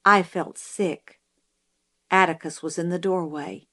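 A woman reading a novel aloud as an audiobook narrator, in a measured storytelling manner. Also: lowish voice, steady tone, bright, forceful tone.

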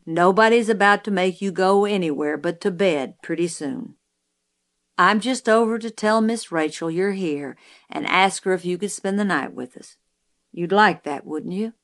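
A woman voicing a calm, dryly joking middle-aged father in an audiobook, with a slightly low pitch. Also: normal speed, close to an everyday voice. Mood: dry kindly. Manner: pleasant and dry, gently joking. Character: calm dry-humored small-town father, middle-aged man. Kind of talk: audiobook character reading.

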